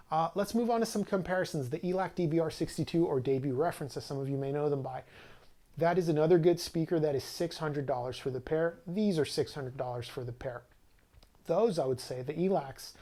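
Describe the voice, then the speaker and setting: With a warm voice on the high side, this man reviews audio equipment to camera. His conversational delivery is loose, full of fillers and restarts.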